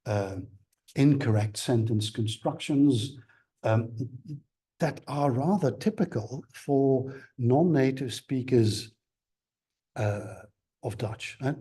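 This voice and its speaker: A man giving an academic seminar lecture, talking in a measured, halting way with many fillers and restarts. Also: mid-range voice, animated, warm tone.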